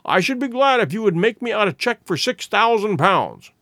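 A man doing Sherlock Holmes, cold and measured. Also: sits high, big pitch swings, sharp tone, dry recording, studio quality, voice pushed up, heavily acted. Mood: cool, measured. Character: cold, inexorable male detective, sharp and precise.

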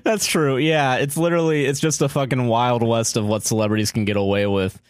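A man's voice: medium pitch, steady tone, fairly quick, smooth, no room sound, studio quality. A man co-hosting a podcast in casual chat, reading an article aloud and then riffing with a laid-back, profane manner. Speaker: podcast co-host.

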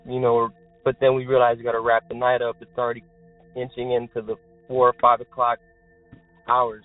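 A young man phones in to share a strange experience, rambling excitedly and leaning hard on filler words. His voice sits at an ordinary middle pitch. It comes through a thin, dry phone line with faint music behind it. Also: brisk, dry recording. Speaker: caller telling a paranormal experience. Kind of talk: casual storytelling.

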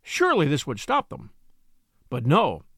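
Lively high-voiced male storyteller. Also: measured pace, no room sound, studio quality. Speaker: audiobook narrator. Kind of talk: scripted narration of a classic novel.

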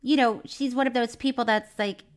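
Giggly woman co-host, bright and high. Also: steady tone, moderate pace. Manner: giggly, playfully skeptical. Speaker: podcast co-host. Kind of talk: casual chat.

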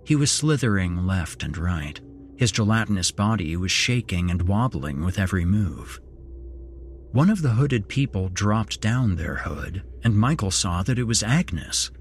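A man hosting a horror podcast, narrating a scripted horror story in a slow, grave storytelling manner. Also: on the low side, animated, slight background noise.

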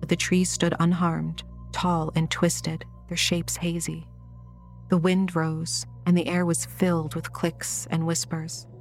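A woman reading a horror audiobook in a measured, scripted narration style. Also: fairly low pitch, flat delivery, faint music behind.

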